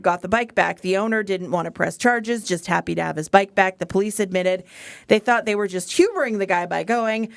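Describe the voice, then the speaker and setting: A woman hosting a call-in radio show, brisk and friendly, moving the conversation along between guests. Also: medium pitch, no room sound, clean studio sound. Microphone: studio microphone.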